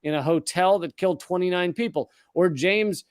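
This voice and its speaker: A man's voice: high voice, moderate pace, clean tone, no room sound, clean studio sound. A man co-hosting a podcast, talking in a blunt, profane, sardonic way. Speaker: podcast co-host. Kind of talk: casual podcast chat.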